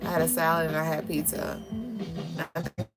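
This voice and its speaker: A woman's voice: low-pitched, moderate pace. A young woman co-hosting a spiritual livestream, talking candidly in slangy casual chat, swearing offhand, laughing often, and reading viewer comments aloud. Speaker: livestream co-host. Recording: music playing clearly behind.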